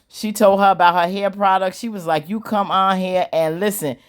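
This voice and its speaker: This is a woman with a low-pitched voice casually recapping a TV drama. Her delivery is animated and full of slang. She acts out the characters' lines as she tells the story. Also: fast, hardly any pauses. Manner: animated, slangy storytelling with squealing acted-out quotes and laughs. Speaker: show recap host.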